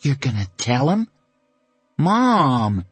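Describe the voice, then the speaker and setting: A man's voice: mid-range voice, lively intonation, no room sound, faint music behind, pitched above the performer's own voice, natural voice. Teenage son, cheeky and stubborn, voiced by a male narrator, dry close audiobook read. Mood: defiant. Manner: boyish, quick and defiant. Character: fifteen-year-old son, teasing then defiant.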